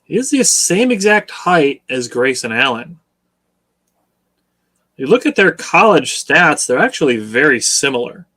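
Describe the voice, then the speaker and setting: This male co-host of a laid-back sports talk show speaks in a bright, slightly tense voice on the high side. Measured and explanatory, he patiently nudges listeners toward staying even keel while keeping things conversational.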